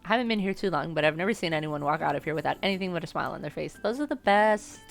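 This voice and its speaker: A woman voicing a shy, kind young male barista who talks earnestly and softly. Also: low-pitched, lively intonation, rapid-fire, vocal fry, faint music behind. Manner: earnest, soft-spoken.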